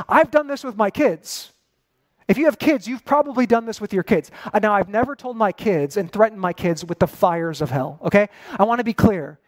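A man in his forties preaching a sermon in a conversational, animated way with casual asides. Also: high-pitched, moderate pace. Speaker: pastor.

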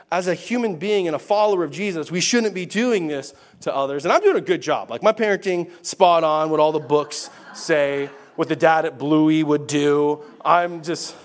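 A male pastor preaching a sermon in a chatty, animated way with laughing asides. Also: fairly high pitch.

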